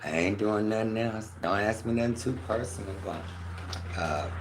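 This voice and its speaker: A man's voice: fairly low pitch, normal speed. A man hosting a casual livestream from his kitchen. He rambles loosely, swears freely and talks straight to his chat. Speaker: livestream host. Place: home kitchen. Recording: echoey room with background noise.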